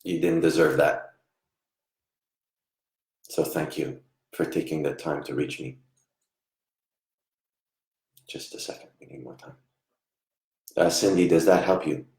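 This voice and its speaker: A man giving a live online psychic reading, soft-spoken and halting, often trailing off quietly. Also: extremely low pitch, steady tone. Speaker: psychic medium. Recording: echoey room.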